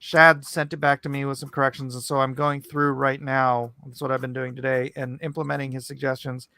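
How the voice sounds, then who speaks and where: A man's voice: medium pitch, level tone, brisk, vocal fry, bright, forceful tone. A man hosting a livestream in casual chat, talking in a rambling, loose way with frequent restarts. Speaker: livestream host and comic artist.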